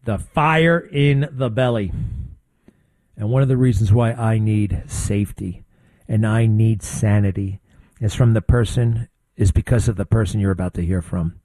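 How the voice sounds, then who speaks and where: A man's voice: fairly low pitch, moderate pace, warm tone, no echo, low-quality recording. An older man hosting a talk show, rambling through opinions with folksy, conversational asides. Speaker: radio host. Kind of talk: opinionated talk radio monologue.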